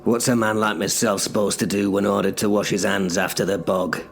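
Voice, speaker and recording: The voice is gravelly and on the low side, with a flat, brisk delivery and faint music underneath. A man narrates an audio drama as a cursed, bitter sorcerer reduced to menial chores, speaking in the first person with sardonic, sweary grumbling.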